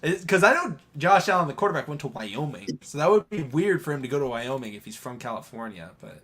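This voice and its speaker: Casting note: male co-host, bright ringing tone, rambling live-stream sports talk. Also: a little high, very animated, fast. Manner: rambling, hesitant, laughs often. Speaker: podcast co-host.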